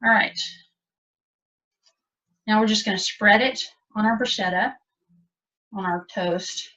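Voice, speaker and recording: A woman's voice: mid-range voice, takes it slowly, sharp tone. A woman teaching a cooking demonstration, chatty and explaining step by step. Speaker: cooking instructor. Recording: dull lo-fi audio from a distance.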